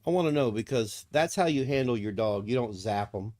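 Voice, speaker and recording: A man's voice: mid-range voice, expressive, fairly quick, darkish tone. A man streaming casually, cooing to his dog in baby talk and swearing freely when he rants. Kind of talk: casual live-stream chat.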